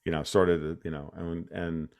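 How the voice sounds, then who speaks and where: Low, gravelly and darkish, this American man's voice is flat and unhurried on a dry recording. Even so, as an interview guest he rants emphatically about his views, restarting his sentences often in an animated conversational interview.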